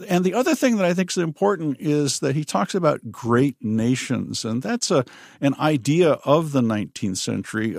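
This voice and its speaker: A man co-hosting a history talk show, explaining in a measured, thoughtful way. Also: medium pitch, creaky, no echo, clean studio sound. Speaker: history podcast co-host. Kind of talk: conversational history discussion.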